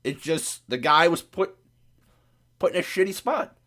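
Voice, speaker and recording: A man's voice: a little high, measured pace. Sick Midwestern man ranting, voice cracking. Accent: Midwestern American. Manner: profane, sarcastic, animated ranting. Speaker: podcast host. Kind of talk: casual sports rant.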